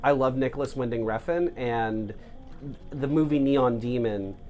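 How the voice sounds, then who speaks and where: With faint music behind him, a young man co-hosting a let's play speaks in a mid-range, dark-toned voice at a measured pace. He rambles casually, swears, and fills his sentences with "like."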